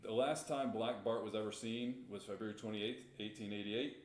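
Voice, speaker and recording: A man's voice: lowish voice, fairly even intonation, moderate pace, darkish tone, reverberant, slight background noise. A man co-hosting a podcast, casually retelling a story with rambling restarts and chuckles. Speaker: podcast co-host.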